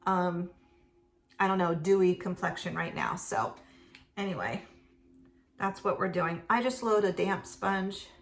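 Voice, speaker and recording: Slow, rambling middle-aged woman vlogger. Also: on the low side, slight background noise. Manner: rambling, chatty, full of fillers. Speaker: beauty vlogger. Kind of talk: casual makeup chat. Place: at home.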